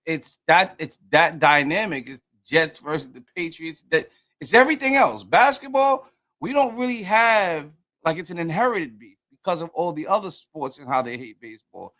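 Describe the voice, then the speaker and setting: A man from New York with a notably high speaking voice rambles through casual sports talk. He is loose and profane, breaking into laughter between points. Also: sharp tone. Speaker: podcast co-host. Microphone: headset or desk mic, streamed call.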